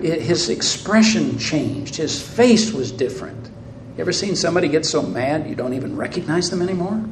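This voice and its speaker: A man preaching a sermon, speaking deliberately and posing rhetorical questions to his listeners, in a church hall. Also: sits high, darkish tone, a little hiss or hum. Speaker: pastor. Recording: roomy echo.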